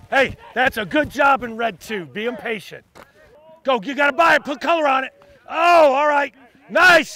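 High bright-voiced football coach yelling at practice, players in the background. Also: male voice, vocal fry. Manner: shouting short commands and praise. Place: outdoor football practice field. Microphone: body-worn mic.

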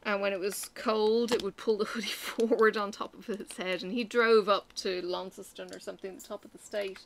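There's slight background noise as this Irish woman, a crafting vlogger, stitches and chats casually. She speaks at a normal speed in a mid-range voice with fairly even intonation, wandering through stories and using lots of fillers.

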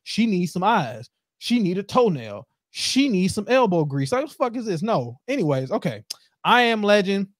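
Dude hosting a podcast, swears a lot, kinda high voice, dry close sound. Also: male voice, normal speed, no echo. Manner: profane, animated, ranting. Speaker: podcast host. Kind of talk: casual podcast chat.

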